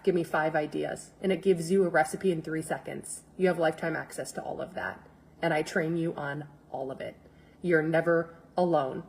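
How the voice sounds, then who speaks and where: A middle-aged woman fitness coach making an energetic, pushy sales pitch on a live stream, repeating instructions and calling out viewers by name.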